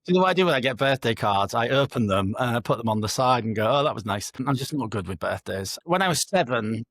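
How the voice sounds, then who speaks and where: A man's voice: medium pitch, lively intonation, quick pace, a bit bright, no room sound, clean studio sound. A middle-aged man, a podcast co-host, chatting in a self-mocking, rambling, wry way over a video call. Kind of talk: casual chat. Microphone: remote video call.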